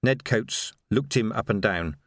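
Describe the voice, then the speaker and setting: A man reading a novel aloud as audiobook narrator, in a dry, measured storytelling manner. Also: on the low side, dry recording. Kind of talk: scripted narration.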